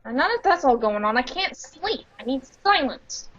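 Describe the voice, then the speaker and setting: A woman's voice: sits high, sing-song, moderate pace, fairly bright tone, dull audio, full character voice. A woman voicing a grumpy, sleepy young woman who whines sharply about being woken. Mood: irritable.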